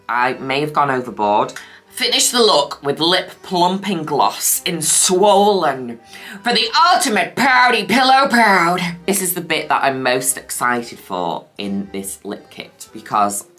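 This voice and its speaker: A woman with a very deep, bright-toned voice reviews makeup in a casual vlog. She gushes and jokes cheekily, and her pitch swings in a lively way. Soft music plays faintly under her talk. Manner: gushing, cheeky, chatty. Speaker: makeup vlogger.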